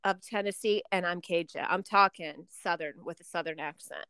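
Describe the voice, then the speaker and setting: A woman's voice: on the low side, moderate pace, clear, resonant tone, no echo. Chatty woman podcast co-host, dry sound. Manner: chatty, laughs often, animated. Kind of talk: casual chat.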